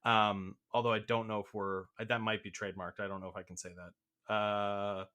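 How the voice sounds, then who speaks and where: A man's voice: lowish voice, flat delivery, normal speed, pushed and bright. A young man co-hosting an improvised comedy podcast, rambling and laughing, often cutting himself off, a bit out of breath. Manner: rambling, self-interrupting, laughing. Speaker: co-host.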